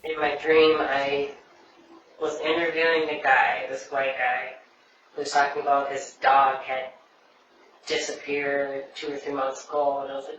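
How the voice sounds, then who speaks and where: A man tells a story on a podcast, rambling and quoting everyone with "he's like". He sits away from the mic, so his somewhat high, flat voice comes through dull and heavily echoed. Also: a little slow, a little hiss or hum. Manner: rambling, retells dialogue with many "he's like". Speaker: podcast co-host. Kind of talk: casual storytelling. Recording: distant, dull, very echoey room.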